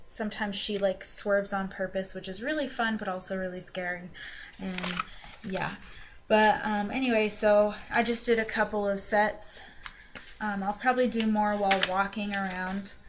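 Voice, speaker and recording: Chatting casually into a webcam, this young vlogger has a medium-pitched voice and an accent that wavers between New York and Southern US, specifically the Carolinas. She rambles loosely with plenty of ums and restarts, over a faint hiss of background noise.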